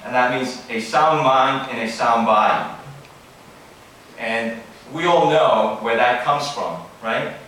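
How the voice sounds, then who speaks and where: In a large banquet hall, a keynote speaker in his forties gives a formal, earnest speech of advice, with asides and self-corrections. His mid-range voice is slow, pushed and bright. The recording is very echoey from a distant mic, with faint room ambience and a little hiss or hum.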